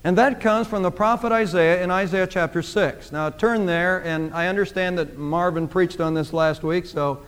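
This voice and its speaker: A man's voice: sits high, moderate pace, few pauses, clear, resonant tone. A man preaching a sermon, speaking emphatically and repeating phrases for emphasis. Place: church sanctuary. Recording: long church reverb.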